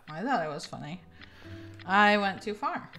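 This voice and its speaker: A woman's voice: mid-range voice, big pitch swings, unhurried, music in the background. A woman streaming a game with friends, teasing them, laughing often and swearing. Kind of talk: casual chat while playing.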